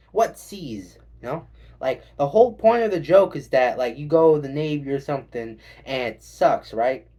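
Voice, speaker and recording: A man's voice: fairly high pitch, darkish tone. Rambling, swearing stand-up comedian man. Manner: rambling, swearing, acts out quick voices. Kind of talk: stand-up set.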